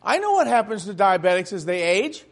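Very high-voiced man preaching a sermon. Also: very animated, fairly quick. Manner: emphatic, with rhetorical questions to the congregation.

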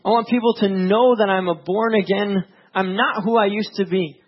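A pastor preaching a sermon in an earnest, conversational way, with many "you know"s. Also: male voice, high-pitched, steady tone, normal speed, breathy edge, muffled recording.

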